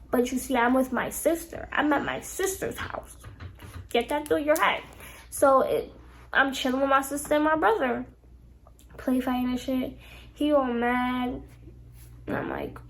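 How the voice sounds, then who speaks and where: Animated young woman telling a storytime. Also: high voice. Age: young adult. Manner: animated, swears freely, acts out quoted lines. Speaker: vlogger. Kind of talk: casual storytime. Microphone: phone camera.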